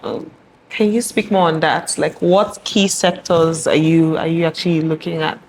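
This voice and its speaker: A woman's voice: deep voice, fairly even intonation, moderate pace, darkish tone. A woman interviewing a podcast host, attentive and curious, who often answers with short backchannel replies. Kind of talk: casual interview chat. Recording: faint background noise.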